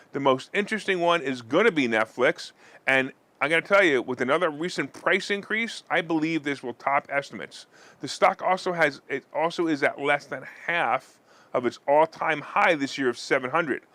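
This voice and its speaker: A man's voice: a little high, sharp tone, dry recording. A man hosting a finance and politics show, reading his commentary with sarcastic asides. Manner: sarcastic, mock-weeping theatrics. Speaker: host.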